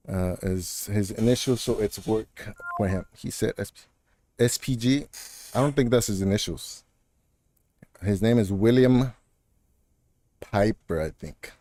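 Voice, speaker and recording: A man streaming a game and arguing with a viewer in chat, talking heated and animated and calling them bro and man. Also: mid-range voice, no room sound. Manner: argumentative, talks straight to a viewer in chat, repeats "bro" and "man"; animated and heated, with quick laughs. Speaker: gaming streamer. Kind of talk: casual live-stream rant.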